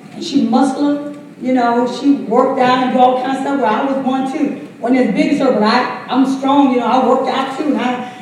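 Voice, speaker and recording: High-voiced woman preaching in an echoey church. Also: a little mellow, recorded from a distance, a little hiss or hum. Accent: Southern US. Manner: exclaims "come on" often, laughs while preaching. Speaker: pastor leading Bible study. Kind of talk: lively sermon-style teaching. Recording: echoey church hall mic from afar.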